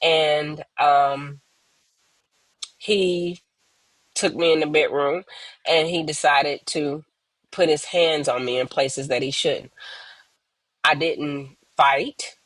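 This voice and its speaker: Woman, earnest personal testimony, frequent pauses, remote call, dry sound. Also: sits low, fairly even intonation, fairly bright tone, no room sound, poor audio. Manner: earnest, pauses often, acts out quoted voices. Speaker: guest sharing her story. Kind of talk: emotional personal testimony, slow and reflective.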